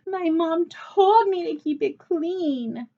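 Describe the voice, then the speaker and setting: A woman's voice: mid-range voice, very animated, slow pace. A squealing, whiny little girl in a storybook, her voice swinging far up and down, as a woman reads her part. The sound is dull and lo-fi. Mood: wailing. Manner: squealing, wailing. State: sobbing.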